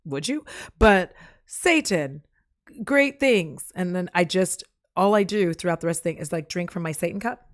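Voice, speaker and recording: A woman's voice: fairly low pitch, expressive, normal speed, no room sound, studio quality. A woman chatting casually on her live stream, rambling from topic to topic and cracking jokes and puns. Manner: jokey, rambling, fond of puns. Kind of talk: casual chat.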